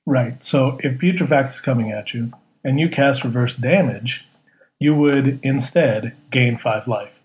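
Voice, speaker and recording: A man's voice: medium pitch, a little slow, a little mellow, low-quality recording. A man co-hosting a casual podcast, laid-back and jokey, explaining rules at length. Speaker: podcast co-host.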